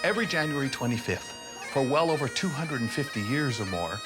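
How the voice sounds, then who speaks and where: A man's voice: medium pitch, fairly quick. Wry comedic male TV host over bagpipes. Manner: wry, deadpan jokes. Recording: music behind.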